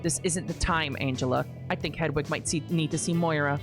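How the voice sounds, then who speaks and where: A woman voicing a sardonic young nun in a lower, dry, teasing voice for a game read-aloud. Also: steady tone, fairly quick, over music.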